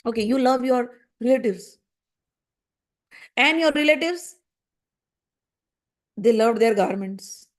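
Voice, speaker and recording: A woman's voice: on the high side, lively intonation, takes it slowly, pauses often. A woman explaining a spiritual text, pressing her listener with repeated rhetorical questions. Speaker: scripture teacher. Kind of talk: spoken commentary on a spiritual text.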